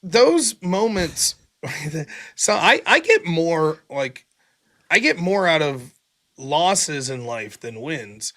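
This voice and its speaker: A man hosting a casual livestream, telling stories in a loose, profane, animated way. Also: fairly high pitch, slow. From America. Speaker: host.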